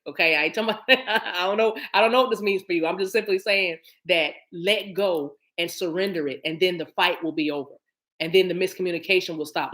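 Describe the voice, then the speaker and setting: A woman's voice: on the low side, fairly bright tone. A woman doing a live-streamed oracle card reading, reading card text aloud and then talking it over with her viewers in a chatty, familiar way. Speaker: spiritual card reader.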